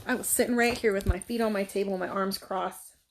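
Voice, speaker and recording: A woman tells a story from her own life in a loose, candid way. She swears freely and talks it through out loud. She sounds like she is speaking from a couch at home. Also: medium pitch, fairly quick, a little hiss or hum. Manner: blunt, profane, animated retelling. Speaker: life coach. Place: her living room, seated on a couch.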